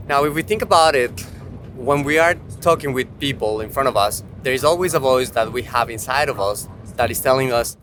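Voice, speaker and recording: A man's voice: medium pitch, brisk, fairly bright tone, a little hiss or hum. Hesitant man thinking aloud. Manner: hesitant, repeats words while thinking aloud. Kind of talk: casual talk in a taxi. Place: back of a taxi.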